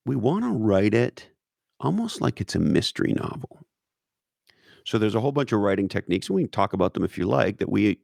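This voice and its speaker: A man with a low, gravelly voice talks in a loose, emphatic way, swearing freely and piling up restarts. The sound is dry and close, with no room around it. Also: a little mellow, no room sound. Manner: profane, repetitive restarts, emphatic. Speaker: guest. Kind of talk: casual interview talk.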